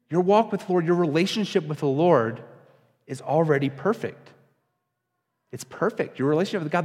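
A man's voice: fairly high pitch, a little mellow, big-room sound. A young adult man preaching a sermon, talking conversationally, with fillers and restarts, and acting out voices of the people he quotes. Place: church.

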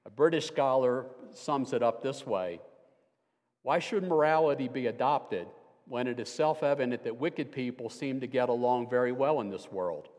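A man's voice: mid-range voice, normal speed, darkish tone. An older man giving a conversational sermon as a guest preacher, with dry, self-deprecating humor. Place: church sanctuary. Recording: long hall reverb.

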